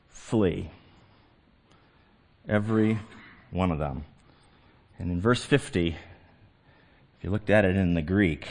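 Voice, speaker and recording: A middle-aged man preaching a sermon as a pastor, swinging from hushed, slow phrases to emphatic, excited ones. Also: mid-range voice.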